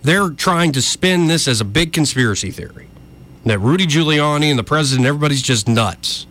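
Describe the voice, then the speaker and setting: A man's voice: a little high, lively intonation, brisk, a bit bright. A man giving argumentative political commentary, addressing his listeners directly. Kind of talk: opinion commentary.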